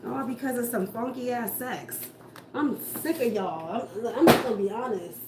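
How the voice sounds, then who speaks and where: At normal speed and a little high in pitch, a woman rants through a casual tarot reading. Her manner is blunt and profane, full of rhetorical questions. There's echo in the room and faint noise.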